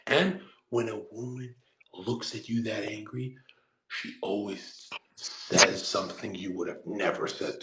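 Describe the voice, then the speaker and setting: Young male streamer, crude ranter, mid pitch, roomy echo. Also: very noisy. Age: 20s. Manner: crude ranting, acts out voices. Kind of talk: casual chat.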